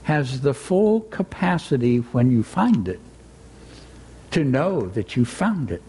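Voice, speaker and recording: A man giving a gentle, reflective spiritual talk in sermon style, weaving in a read-aloud story. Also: medium pitch, sing-song, takes it slowly, slightly rough. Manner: gentle, reflective, reading with voices. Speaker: spiritual teacher.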